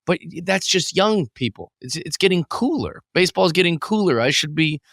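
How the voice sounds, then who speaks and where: A middle-aged man co-hosting a casual podcast chat, talking in a relaxed, reflective way. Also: fairly high pitch, moderate pace, vocal fry, no room sound, studio quality. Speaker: podcast co-host.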